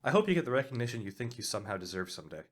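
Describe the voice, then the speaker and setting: A man hosting a comedic mock interview with a fast, deadpan delivery. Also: mid-range voice. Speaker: host.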